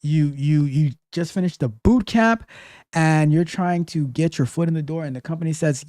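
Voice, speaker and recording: A man hosting a casual call-in tech advice show, talking in an animated, emphatic way and often repeating himself. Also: on the high side, moderate pace, no echo, clean studio sound. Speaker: host.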